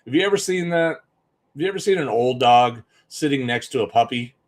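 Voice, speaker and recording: A man's voice: mid-range voice, lively intonation, a little fast. A man giving an emphatic, conversational live-stream talk as a business coach, often repeating points for stress.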